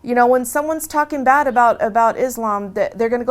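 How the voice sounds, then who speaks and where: A woman telling her own story in a casual, chatty way, animated, with many restarts and asides. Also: a little high, fairly quick. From USA. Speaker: convert sharing her story. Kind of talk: casual testimony.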